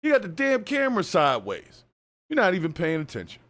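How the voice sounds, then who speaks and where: A man's voice: high voice, wildly swooping pitch, brisk, fairly bright tone. A man hosting a reaction video, talking through the clip in a casual, sarcastic and scolding way. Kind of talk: casual commentary.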